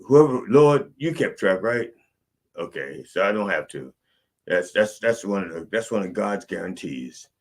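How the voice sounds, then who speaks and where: A man's voice: deep voice, animated, normal speed, a bit bright. A middle-aged man, a comic preacher, telling a rambling story full of curses and rants. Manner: cursing, ranting, rambling storytelling. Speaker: comedic preacher. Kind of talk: profane comic sermon-rant.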